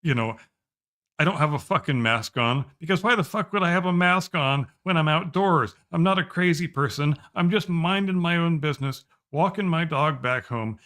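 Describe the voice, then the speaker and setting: A man's voice: a little high, moderate pace, fairly bright tone. A middle-aged man co-hosting a podcast in casual chat, ranting emphatically and swearing. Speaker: podcast co-host.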